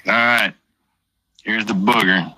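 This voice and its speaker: A man's voice: fairly low pitch, fairly even intonation, takes it slowly, pushed and bright, no room sound, rough recording. A man chatting casually on a late-night livestream, rambling between stories with constant swearing and an offhand manner.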